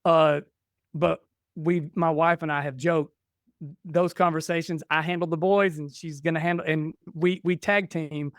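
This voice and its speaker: A man's voice: fairly high pitch, normal speed, no room sound, clean studio sound. A man in his forties, a podcast guest, telling stories in casual chat and acting out the dialogue. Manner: animated, acts out dialogue in stories.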